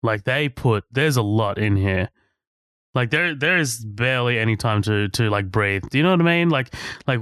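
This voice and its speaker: A man's voice: mid-range voice, fairly bright tone, no echo, studio quality. A man co-hosting a casual movie podcast, rambling with many filler words. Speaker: podcast co-host.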